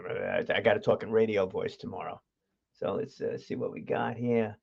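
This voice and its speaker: A man's voice: on the low side, steady tone, moderate pace, creaky, breathy edge. Casting chatty New guy hosting a home livestream, loose and rambling, muffled lo-fi sound. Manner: chatty, laughs often, many fillers and restarts. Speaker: host of a livestream show. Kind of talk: casual rambling livestream chat. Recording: dull lo-fi stream audio.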